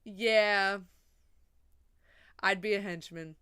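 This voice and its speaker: A young woman chatting casually on a livestream, rambling and swearing, a little drunk and high. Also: steady tone, extremely slow, bright, forceful tone, clean tone.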